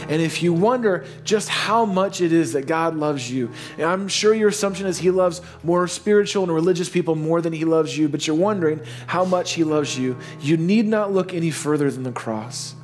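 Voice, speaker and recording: A man with a slightly higher voice preaches a sermon with soft music underneath. He moves from a casual, storytelling manner to slow, hushed earnestness. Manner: storytelling, swings between playful baby talk and slow hushed earnestness. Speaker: pastor.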